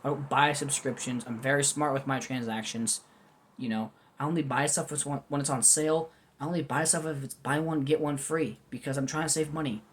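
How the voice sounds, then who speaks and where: A man's voice: medium pitch, fairly even intonation, brisk. A man talking freely and without a script as he reviews food at home, wandering from topic to topic with candid, goofy asides. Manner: rambling, candid, self-deprecating, goofy asides. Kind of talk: unscripted casual commentary.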